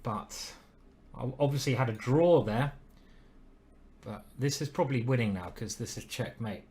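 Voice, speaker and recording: A man's voice: mid-range voice, moderate pace, darkish tone. A man streaming live, commenting on his chess games and chatting to viewers with self-deprecating asides.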